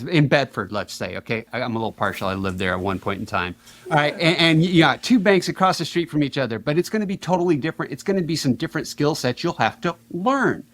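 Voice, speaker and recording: A man talking energetically as a podcast guest, fast and animated, with big swings in his voice. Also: on the high side. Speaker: podcast guest, payments educator. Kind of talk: energetic conversational interview.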